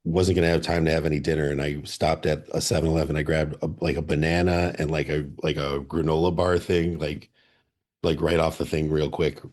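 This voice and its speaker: A man's voice: very deep voice, little pitch movement, a little fast, darkish tone. A man from the Chicago area, a band member guest in a radio studio, telling rambling anecdotes with many restarts. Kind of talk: casual interview storytelling.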